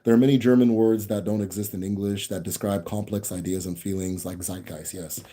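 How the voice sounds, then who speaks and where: A young man from the United States hosts a casual livestream, reading viewer comments and rambling with restarts and laughter. His voice sits on the low side and sounds mellow, with fairly even intonation and a slightly quick pace.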